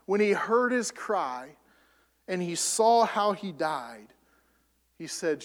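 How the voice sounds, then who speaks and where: A man preaching a sermon, rising to loud emphatic peaks and falling back soft. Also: high-pitched, very animated, slow pace, long pauses, big-room sound. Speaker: pastor.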